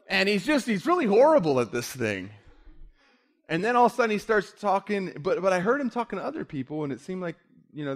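A man preaching a sermon, telling a story with lively quoted dialogue and dropping to a quiet voice for the tender parts. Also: a little high. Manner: animated storyteller, voice drops quiet for emotional moments.

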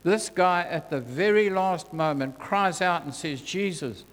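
A man preaches at a slow, measured pace, his voice carrying a long reverb through a church hall. He sounds earnest and deliberate, and he goes quiet and gentle whenever he quotes scripture. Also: sits high, lively intonation. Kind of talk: sermon.

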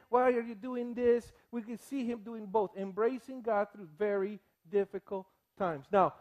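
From the pulpit, a pastor with an unusually high-pitched voice gives an animated sermon. He teaches and jokes with the congregation along the way, slipping into quick impressions of the people in his stories.

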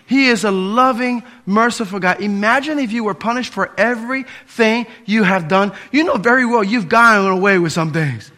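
A man in his fifties preaching a sermon as pastor, impassioned, swinging between loud appeals and hushed pleading. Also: very high voice.

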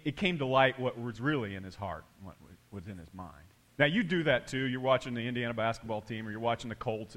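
A man, a pastor preaching a sermon and telling a story from the pulpit. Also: medium pitch. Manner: storytelling, builds to excited quotes.

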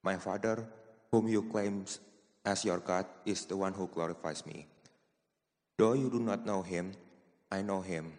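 A man reading a Bible passage aloud at a steady, deliberate pace. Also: sits low, in a large hall. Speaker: scripture reader. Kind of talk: scripture reading.

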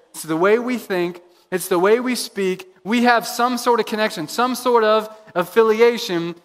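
Male pastor, sermon delivery, energetic and repetitive, high pitch, church hall echo. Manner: energetic, repeats phrases for emphasis. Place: church sanctuary. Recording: long reverb of a large hall.

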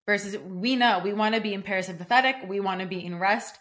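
A young adult woman coaches on her own solo podcast, speaking casually and with emphasis, scattering "like" throughout and acting out quoted reactions. Her mid-range voice is fairly bright and brisk.

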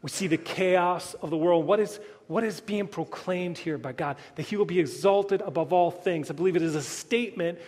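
A man preaching a sermon as pastor, earnest, rising loud then dropping to a quiet hush. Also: high voice, moderate pace, few pauses, long reverb tail.

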